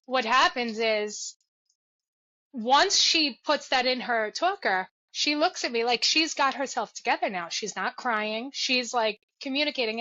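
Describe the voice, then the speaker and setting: A mother speaks in a bright, forceful voice, earnest and reflective as she tells her story. The sound is dry and a little muffled, with no room around it. She talks in a casual interview tone. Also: fairly high pitch, no room sound. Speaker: podcast guest, mother.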